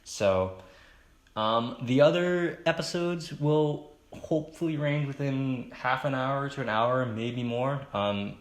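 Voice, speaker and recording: A young man hosting a solo podcast, rambling and hesitant with many fillers and restarts, in a fairly monotone baritone. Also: takes it slowly, roomy sound. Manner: self-conscious, chatty. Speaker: podcast host. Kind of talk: solo casual podcast monologue.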